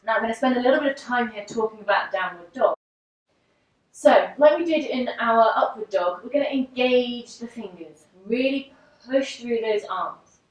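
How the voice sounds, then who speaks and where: Calm woman teaching yoga in echoey room. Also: on the high side, normal speed. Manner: calm, step-by-step demonstrating while moving. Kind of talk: instructional walkthrough. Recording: very echoey room, distant mic.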